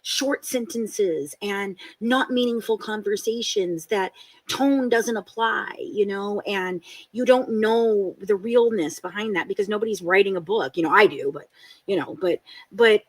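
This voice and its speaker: A woman co-hosting a casual livestream chat, animated and blunt, swearing freely and acting out other people's words. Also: mid-range voice, a little slow, slightly rough, dry recording. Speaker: podcast co-host.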